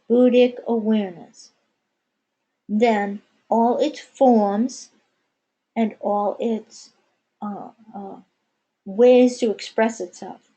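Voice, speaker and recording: A woman channeling spiritual teachings, speaking of herself as "we". Her voice sits a little high, yet its tone is mellow and dark. She talks very slowly, with long pauses between short phrases. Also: highs cut off. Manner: measured, pausing often, speaks as "we". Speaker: channeler answering questions. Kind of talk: slow meditative spiritual channeling.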